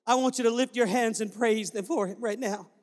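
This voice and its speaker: Speaking a little fast in a very high-pitched voice, this male pastor preaches in a church, first telling stories and then urging the congregation with fervor to give praise. The sound is reverberant, as in a church hall.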